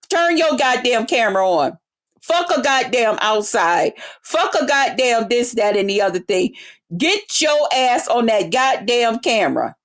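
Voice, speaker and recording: Brash, high-voiced woman ranting and cursing. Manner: loud, brash, heavy swearing, animated retelling. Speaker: vlogger. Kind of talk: profane storytelling rant.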